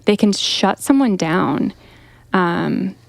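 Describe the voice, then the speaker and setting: A woman co-hosting a podcast and speaking as a clinician, explaining calmly and steadily with frequent "you know" fillers. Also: medium pitch, slow pace, creaky, dry recording. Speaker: podcast co-host and mental health clinician. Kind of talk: casual faith-based discussion.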